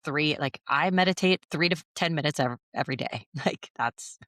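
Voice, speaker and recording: A woman's voice: low voice, moderate pace, a bit bright, dry recording, clean studio sound. A woman co-hosting a podcast in casual chat, reflective and thinking aloud, often restarting her sentences. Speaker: podcast co-host.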